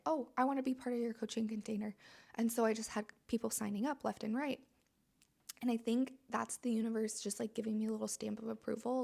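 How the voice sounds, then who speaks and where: Female podcast host, slightly high voice with gravelly vocal fry, chatty and emphatic motivational delivery. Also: darkish tone. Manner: chatty, emphatic, heavy use of "like". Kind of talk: casual motivational monologue.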